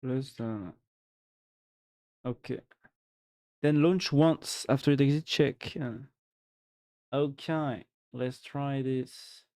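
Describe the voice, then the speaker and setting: A man's voice: medium pitch, slow pace, pauses often, darkish tone. French-accented male streamer, drawling pace, jokey and rambling. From France. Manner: joking, musing aloud, full of restarts. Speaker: live-streaming programmer. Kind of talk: casual live-stream chat while coding.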